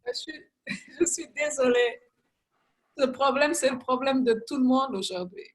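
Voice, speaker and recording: A woman speaking on a panel, earnest, often pausing with fillers to find her words. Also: high voice. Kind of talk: casual panel chat.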